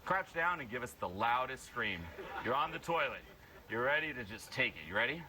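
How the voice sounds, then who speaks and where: Man, workshop coach, energetic, blunt, animated pitch, noisy room. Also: a little fast. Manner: energetic, blunt, bursts into loud yells. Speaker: social confidence coach. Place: room with a live audience.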